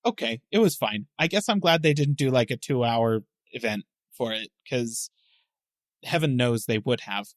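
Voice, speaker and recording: A man's voice: medium pitch, moderate pace, dry recording, studio quality. A man co-hosting a tech podcast, chatting casually with wry, sarcastic commentary. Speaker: podcast co-host. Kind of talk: casual chat.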